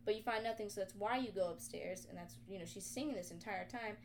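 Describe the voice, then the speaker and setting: A young woman co-hosting a podcast, retelling a video game in casual, animated chat full of swearing. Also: medium pitch, fast, a little hiss or hum. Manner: animated, profane storytelling. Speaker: podcast co-host.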